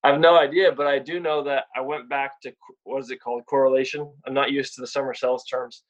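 A man's voice: mid-range voice, little pitch movement, quick pace, lo-fi sound. A young man guest talking frankly and casually about sales, often repeating words as he starts a thought. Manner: blunt, repeats words when starting sentences. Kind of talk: casual podcast chat.

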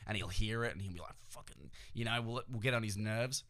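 Rambling, low-voiced Australian man. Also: fast talker, a bit bright. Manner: rambling, profane, joking asides to the listener. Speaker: podcast host. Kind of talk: casual solo podcast chat.

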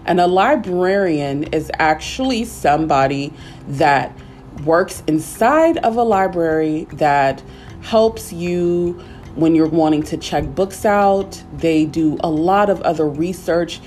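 A woman teaching a simple English lesson, speaking patiently and repeating words slowly for learners. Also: fairly low pitch, animated, darkish tone, soft background music. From United States.

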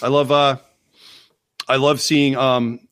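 A man's voice: medium pitch, flat delivery, takes it slowly, a bit bright, clean tone, no echo. A middle-aged man co-hosting a podcast, swearing freely and telling stories in casual chat, recovering from arm surgery. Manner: profane, storytelling, mock voices. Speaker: podcast co-host.

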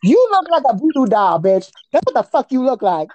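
A woman's voice: high-pitched, big pitch swings, fairly quick, darkish tone, dry recording, highs cut off. A woman guest on a comedy podcast, delivering a crude, profane roast in a mocking voice and breaking into nonsense singsong chants.

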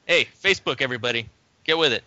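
A man's voice: medium pitch, expressive, very fast, bright, forceful tone, no echo, dull audio. A man co-hosting a casual podcast chat, joking and laughing often. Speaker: podcast co-host.

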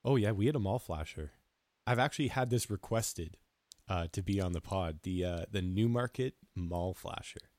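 A man's voice: low voice, moderate pace, darkish tone, no echo. A man co-hosting a casual podcast, making wry, skeptical quips. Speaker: podcast co-host.

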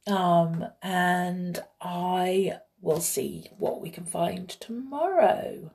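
A woman storyteller reading a children's story aloud in a gentle, expressive way, chatting warmly with her young listeners. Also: lowish voice, drawn-out words, creaky.

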